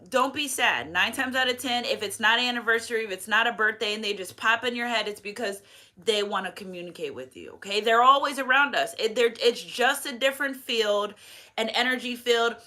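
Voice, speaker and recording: Chatty woman doing a spiritual reading, bright kinda highish voice, rambly and emotional. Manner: chatty, rambling, emotional, with many restarts and "okay?". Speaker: tarot reader and medium. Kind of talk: casual spiritual reading monologue.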